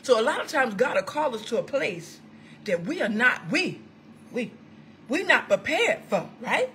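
A woman prophetess preaching an impassioned online sermon into a computer microphone. She is fervent and exclamatory, swinging between shouts and hushed asides. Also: fairly high pitch, very animated, normal speed, slight background noise.

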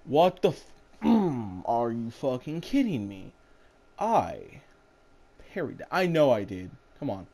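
A man chatting over his gameplay in a relaxed, rambling way, cursing offhandedly. His voice is dark and mellow, sitting at an ordinary middle pitch. It has the easy tone of someone talking with a friend while playing. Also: slow, vocal fry. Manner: laid-back, rambling, swears casually. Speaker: gaming channel host. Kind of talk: casual gameplay chat.

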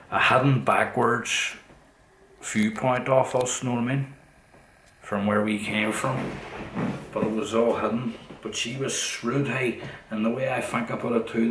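Blunt, low-voiced Derry man rambling. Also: a bit bright. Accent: Northern Irish, Derry. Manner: blunt, swears a lot, repeats himself. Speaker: podcast host. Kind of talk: rambling storytelling monologue. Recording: roomy, distant, faint noise.

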